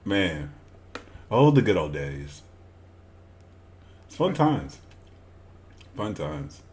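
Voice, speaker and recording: A man's voice: low-pitched, big pitch swings, very slow, a little mellow. A man co-hosting a casual podcast, laughing often and swearing while acting out stories. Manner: laughs a lot, swears, acts out quotes. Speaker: podcast co-host. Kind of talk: casual chat.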